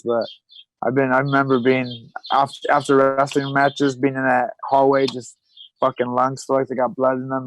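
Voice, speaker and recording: A man in his thirties chatting as a podcast guest, spinning stories in a loose, rambling way with plenty of restarts. His voice sits at an ordinary middle pitch, and the sound is dry and close with almost no room around it. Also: no room sound, rough recording. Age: 30s. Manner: rambling storyteller, trailing fillers and restarts. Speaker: podcast guest, retired pro fighter. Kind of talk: casual chat.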